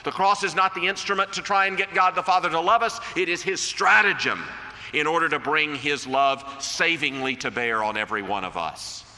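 A man preaching a sermon in an earnest, deliberate way, slowing down to quote scripture. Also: fairly high pitch, bright, forceful tone. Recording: long reverb of a large hall.

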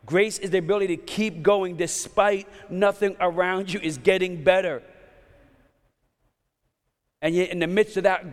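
A man preaching a sermon in an earnest, conversational way, often restarting his sentences. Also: high voice. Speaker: pastor. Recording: long hall reverb.

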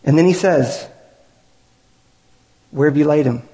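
Male pastor, slightly high, breathy voice, earnest sermon delivery. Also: unhurried, warm tone. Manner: earnest, builds to raised emphatic peaks. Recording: reverberant hall.

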